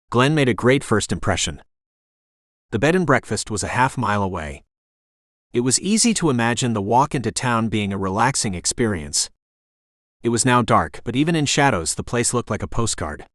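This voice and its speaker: A man narrating a romance audiobook in the first person, calm and even. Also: mid-range voice, no room sound, studio quality.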